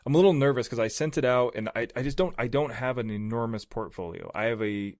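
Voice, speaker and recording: A man co-hosting a podcast, a voice actor chatting casually in a rambling, filler-heavy, animated way. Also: mid-range voice, fast talker, no room sound, clean studio sound. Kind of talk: casual chat. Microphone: podcast mic.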